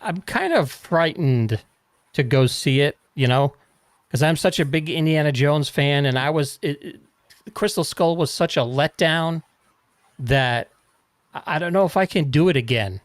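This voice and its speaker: A man co-hosting a podcast in casual chat, joking dryly with halting restarts. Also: a little high, lively intonation, dry recording. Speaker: podcast co-host.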